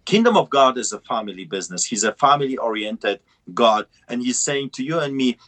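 A man's voice: medium pitch, animated, normal speed, fairly bright tone. A middle-aged man with a heavy non-native accent and broken English, a pastor preaching fervently over a call in a repetitive cadence.

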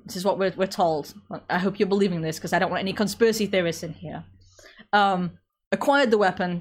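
Sarcastic English woman hosting commentary. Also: medium pitch. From England. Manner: sarcastic, chatty, frequent restarts and laughs. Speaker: commentary show host. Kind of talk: casual sarcastic commentary to viewers.

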